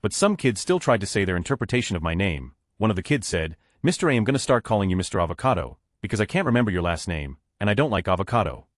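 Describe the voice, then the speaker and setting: A man reading short online stories aloud as scripted narration, with a flat delivery that lifts at each story heading. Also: fairly low pitch, fast, hardly any pauses, no echo, studio quality.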